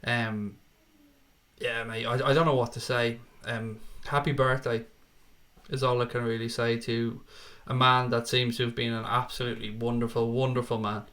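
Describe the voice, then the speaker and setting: Bright-voiced man chatting on a stream. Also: mid-range voice, flat delivery, normal speed. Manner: chatty, informal, keeps calling viewers mate and pal. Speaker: host of a football fan live stream. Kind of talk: casual live-stream chat reading viewer comments.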